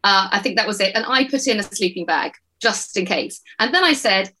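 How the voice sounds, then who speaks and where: A middle-aged woman chatting on a podcast. She tells stories with energy and acts out the family's lines as she goes. Her voice sits at an ordinary pitch for a woman. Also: fast talker, few pauses, poor audio. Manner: animated storytelling, acting out family dialogue. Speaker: podcast panelist. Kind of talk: casual chat.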